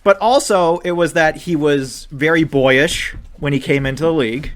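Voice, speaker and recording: Ranting young man, loud and then muttering. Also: on the high side, normal speed. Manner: animated, ranting, swings from loud outbursts to muttering, swears. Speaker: podcast co-host. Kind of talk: casual podcast rant.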